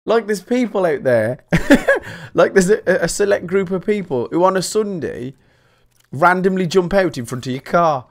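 Swearing his way through chatty, joking rants, this Englishman narrates his own game for viewers as a YouTuber doing let's-play commentary. He has a high voice with lively intonation and a moderate pace.

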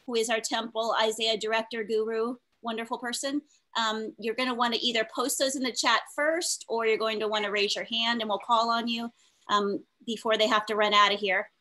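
A woman's voice: a little high, fairly even intonation, a little fast, pushed and bright. A woman teacher moderating a panel on a video call, upbeat and chatty.

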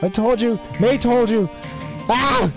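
A tired young adult who hosts a gaming channel does let's play commentary over music, with a medium-pitched voice at a moderate pace. Flustered and often exclaiming, the host reads game dialogue aloud and reacts to the game.

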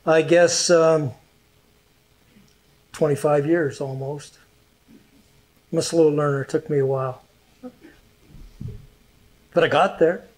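A middle-aged man preaching a sermon as a pastor, earnest and emotional, with long pauses. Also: a little high, fairly even intonation, a little mellow.

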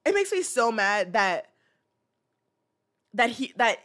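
A woman's voice: fairly high pitch, slow pace. A woman in her twenties hosting a podcast, talking casually and ranting with lots of restarts. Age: 20s. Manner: animated, ranting, many restarts. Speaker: podcast host. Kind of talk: casual commentary rant.

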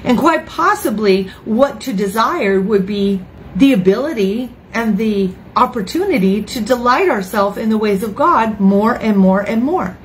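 A woman in her fifties, a grandmother, preaching an informal online sermon in a chatty, emotional way with lively asides. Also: on the high side, a little slow, a little hiss or hum, rough recording. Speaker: ministry speaker. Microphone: phone or webcam, online broadcast.

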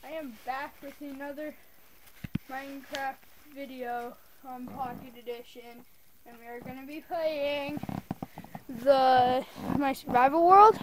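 Woman, high voice, unhurried, chatty rambling game commentary, easily irked, faint background hiss. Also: steady tone. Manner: chatty, rambling, quick to get annoyed. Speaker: gaming video host. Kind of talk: casual let's play commentary. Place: lying on a bed at home.

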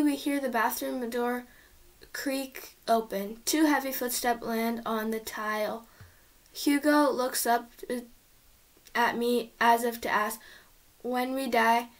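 A woman reading a children's chapter book aloud in a lively, expressive storytelling manner. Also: on the high side. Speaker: storybook reader.

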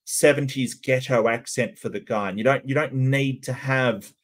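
A man's voice: medium pitch, fairly even intonation, normal speed. A man casually commentating on a cartoon and answering his chat, stumbling over many repeated starts.

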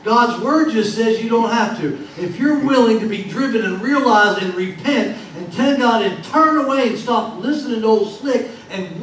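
A man preaching a sermon as pastor, in a folksy, repetitive preaching cadence. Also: very high voice. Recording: very echoey hall, distant mic, faint noise.

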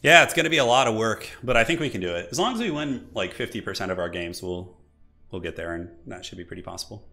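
Hoarse, bright-voiced male game streamer. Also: fairly low pitch, animated, quick pace, soft background music. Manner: chatty, thinking aloud, answering viewers. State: hoarse from a chest cold. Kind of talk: live gameplay commentary and chat replies.

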